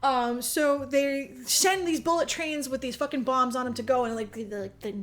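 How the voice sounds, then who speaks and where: A woman's voice: sits high, normal speed. A young woman hosting a podcast, recapping a movie in casual chat, laughing a lot, swearing and saying "like" constantly. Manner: animated, laughing, lots of "like" fillers, swearing. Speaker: podcast host.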